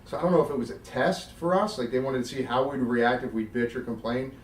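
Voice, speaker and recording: A man's voice: mid-range voice, fast, echoey room, recorded from a distance, a little hiss or hum. A middle-aged man from South Jersey being interviewed, telling stories with vivid quoted dialogue and casual swearing. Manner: animated, swears freely, acts out quotes. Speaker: guest, former wrestler. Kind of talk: storytelling interview.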